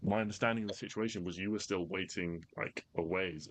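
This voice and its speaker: A man's voice: low voice, a little fast, a little hiss or hum. A man narrating as game master in easygoing, loosely phrased narration full of fillers.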